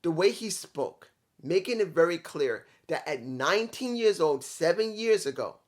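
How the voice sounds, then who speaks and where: A man's voice: a little high, expressive, moderate pace. A man reviewing a wrestling show in a casual, rambling way, with some swearing and restarts.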